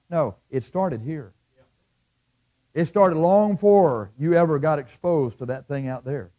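A middle-aged man preaching a sermon, swinging between loud bursts and hushed asides and acting out the voices of his listeners. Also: on the high side, expressive, a little slow. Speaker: pastor.

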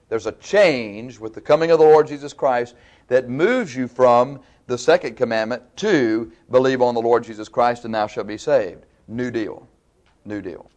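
A male preacher addresses his listeners with questions that he goes on to answer himself. Throughout the sermon, his loudness and pitch shift up and down over a wide range.

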